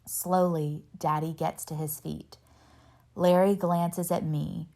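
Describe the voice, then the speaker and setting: A woman reads a novel aloud in a steady first-person narration. Her voice sits on the low side with a gravelly fry, and she gives the dialogue a light touch. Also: slow. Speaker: reader.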